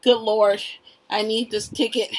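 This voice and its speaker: A middle-aged woman co-hosting a podcast, telling stories in expressive casual chat and acting out quotes. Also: a little high, unhurried, rough recording. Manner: expressive storyteller, acts out quotes. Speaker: podcast co-host, mother.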